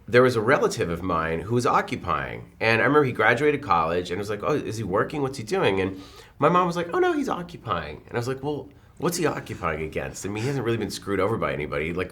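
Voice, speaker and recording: A man in his forties, a film director, telling stories in a press interview and acting out the quotes. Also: lowish voice. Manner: animated, quick storytelling with acted-out quotes.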